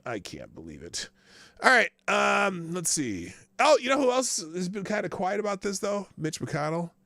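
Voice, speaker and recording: A man hosting a live political commentary show, his voice rough and gravelly and slightly high. He talks in a sarcastic, rambling way, swearing freely and restarting his sentences, with a very animated melody. The sound is dry and close, with almost no room echo. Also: normal speed.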